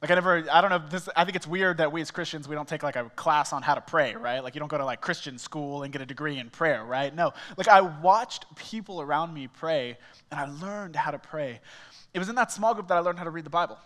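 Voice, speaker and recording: A male small groups pastor telling a personal story in a sermon, animated and casual, acting out the dialogue. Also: on the high side, fast, long reverb tail. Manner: animated, acts out quoted dialogue, frequent "like" fillers. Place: church auditorium.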